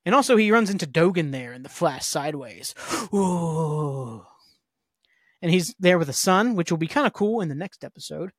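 A man with a high-pitched, lively voice hosts a podcast, rattling off a loose, rambling episode recap packed with fillers and the occasional curse. He talks briskly with hardly any pauses, and the recording is studio quality with no echo.

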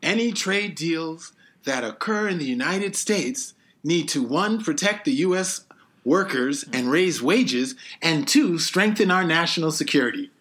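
Animated teasing co-host. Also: medium pitch, a little slow. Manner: teasing, animated, steers the talk. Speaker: podcast co-host and moderator. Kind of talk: casual round-table chat.

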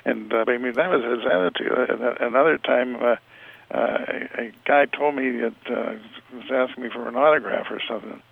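An older man telling stories as an interview guest, rambling and halting with many restarts. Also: mid-range voice. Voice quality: gravelly, husky. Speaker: interview guest, retired football scout. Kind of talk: storytelling over the phone. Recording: tinny phone line.

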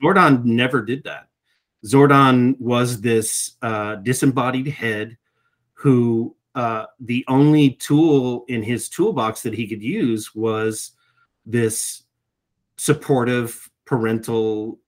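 A man's voice: medium pitch, fairly even intonation, takes it slowly. A middle-aged man, a voice actor, giving reflective interview answers and often repeating words as he starts a thought. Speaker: voice actor guest.

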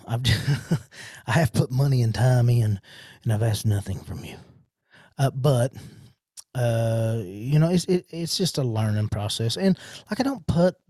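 A man's voice: mid-range voice, lively intonation, a little slow, dark tone, no room sound. A man hosting his own podcast, rambling in a casual train of thought with lots of restarts and fillers, into a studio mic. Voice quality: self-described horrible accent. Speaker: podcast host.

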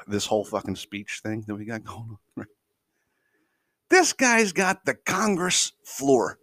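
A man's voice: medium pitch, big pitch swings, slow, long pauses, pushed and bright, no room sound, studio quality. A man hosting a podcast, ranting casually and heatedly, swearing constantly and stammering when worked up. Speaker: podcast host. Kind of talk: casual profane rant.

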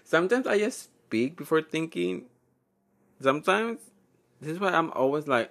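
Gravelly, lively young man podcasting. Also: on the high side, normal speed. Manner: rambling, profane, laughs often, mixes in Spanish words. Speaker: podcast host. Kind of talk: casual solo podcast chat. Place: at home.

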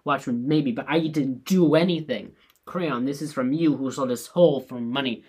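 A blustering, wrathful king barks orders in a raised, commanding voice, read by a man. The tone is hard and accusing, pitched in a middle register. It sounds like a stage play read aloud. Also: normal speed, darkish tone, husky, natural voice. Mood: scornful. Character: blustering angry male king.

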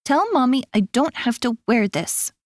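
A woman voicing a small boy who grumbles about his tuxedo, in a raised pitch. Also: very animated, normal speed, dry recording, studio quality. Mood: sulky. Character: little boy in a tuxedo, sulky.

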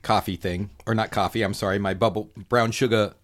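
A man's voice: fairly low pitch, steady tone, a little fast. Guy cohosting a podcast, rambles, cracks jokes, keeps correcting himself. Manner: rambling, joking, self-correcting. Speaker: podcast co-host. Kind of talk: casual chat.

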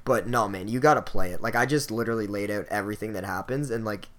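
A man's voice: fairly low pitch, quick pace. A young man hosting a podcast, telling a story in a loose, profane way and leaning hard on filler words. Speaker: podcast host. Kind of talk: casual chat.

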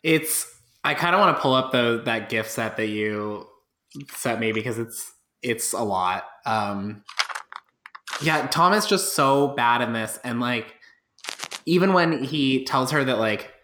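Bright-voiced man in a roomy echo. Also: lively intonation, slight background noise. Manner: drawn-out, wry, trails off into low asides. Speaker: podcast co-host. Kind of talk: casual film-discussion chat.

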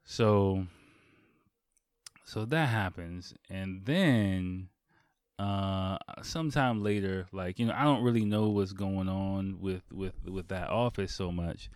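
A man's voice: low voice, slow, darkish tone, smooth, dry recording, studio quality. A man hosting a podcast, telling a long story in a casual, rambling way, swearing freely and full of fillers and restarts. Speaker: podcast host.

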